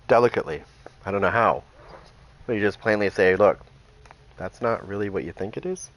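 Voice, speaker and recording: A man's voice: on the low side, brisk, a little hiss or hum. A man chatting casually as a gaming streamer, telling amused, rambling anecdotes. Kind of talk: casual storytelling chat.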